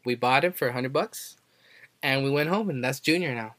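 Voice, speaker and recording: Young male podcast co-host, loose storyteller who jumps into high pitched quotes, mid pitch, good for casual banter. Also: a little fast, fairly bright tone, dry recording. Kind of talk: casual chat.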